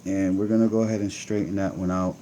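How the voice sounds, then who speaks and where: A man's voice: deep voice, level tone, fast talker, dark tone, a little hiss or hum. A man with a Connecticut accent, casually talking viewers through a hands-on build as he works. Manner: chatty, talks to viewers while working. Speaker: vape channel host.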